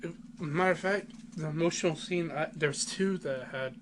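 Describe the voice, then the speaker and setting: A man's voice: fairly high pitch, brisk. A man co-hosting a casual podcast who talks in an enthusiastic, rambling way and fills his speech with "like.". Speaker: podcast co-host. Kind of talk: casual chat. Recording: noisy home recording.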